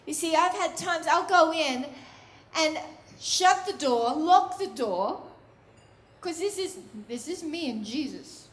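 A woman preaching a sermon in a soft, intimate, earnest way that often drops to a hush. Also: sits high, animated, slow pace, a little hiss or hum. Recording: roomy echo.

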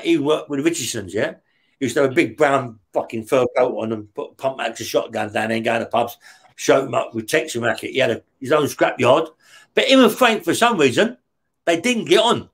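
A man's voice: mid-range voice, animated, fairly quick, a bit bright, husky. Swearing London man telling old stories. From West London. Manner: swears a lot, often checks in with "yeah?". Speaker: interview guest, former prisoner. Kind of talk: casual storytelling.

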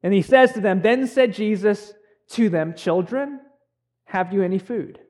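A young male pastor delivers a sermon in a high-pitched voice. He talks in an earnest, conversational way, pausing and restarting as he goes. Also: a little mellow. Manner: earnest, conversational preaching with many pauses and restarts.

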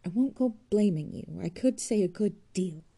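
A woman's voice: medium pitch, lively intonation, normal speed, vocal fry, warm tone, slightly rough, voice pushed up. A woman reading aloud voices a weary, bitter young man who speaks in a tense, clipped way.

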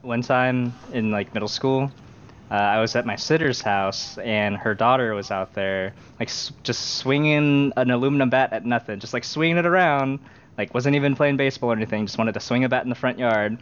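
A man's voice: mid-range voice, fairly quick, clear, resonant tone. A man chatting casually on a podcast, spinning rambling stories from his past. His voice sits in an ordinary middle range. The sound is dull and lo-fi. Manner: rambling anecdotes with acted quotes. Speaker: podcast co-host. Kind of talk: casual chat, storytelling. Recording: dull lo-fi audio.

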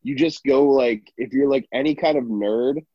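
A man's voice: medium pitch, normal speed, husky, no room sound, highs cut off. A man in casual podcast chat who rambles with many fillers, swears freely and laughs often.

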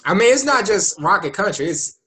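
A man's voice: high voice, very animated, brisk, a bit bright, breathy edge. A man co-hosting a casual chat, laid-back and persuasive. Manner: laid-back, persuasive, keeps saying "hey, look". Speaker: co-host.

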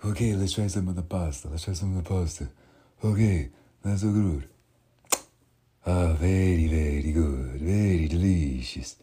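A man voicing a bossy, excitable Italian chef giving loud, hurried orders in a kitchen. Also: deep voice, husky.

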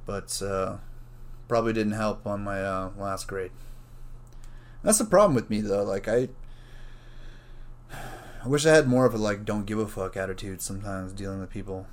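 A man's voice: on the low side, moderate pace, pauses often. Rambling, profane young man podcasting. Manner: rambling, profane, animated, mimics others in a raised voice. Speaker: podcast host. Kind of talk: casual solo podcast monologue.

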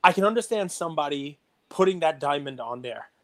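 Guy on a podcast getting all fired up, kinda high voice. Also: a little fast. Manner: animated, gets worked up and loud. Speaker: podcast co-host. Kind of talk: casual podcast talk.

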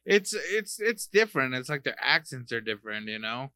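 A man's voice: medium pitch, sing-song, moderate pace, sharp tone, dry recording. A man co-hosting a podcast in casual chat, loose, joking and profane. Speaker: podcast co-host.

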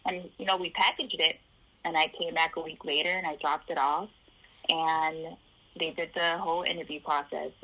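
A woman's voice: low voice, steady tone, moderate pace, slightly rough, highs cut off. A woman from the Chicago area telling her life story in an interview, acting out the voices of the people in it.

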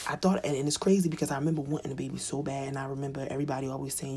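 A woman chatting casually about motherhood, candid and profane, with a very raspy voice and animated, slangy asides. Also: extremely low pitch, very fast, hardly any pauses, a little hiss or hum. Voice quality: very raspy, husky. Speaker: mom telling stories about parenting. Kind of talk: casual storytelling chat.

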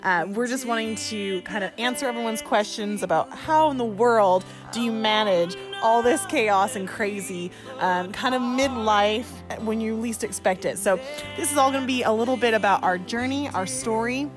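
A woman with a slightly high voice delivers a bubbly podcast intro. Music plays clearly underneath her. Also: moderate pace. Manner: upbeat and bubbly. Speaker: podcast co-host. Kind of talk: scripted-sounding show intro.

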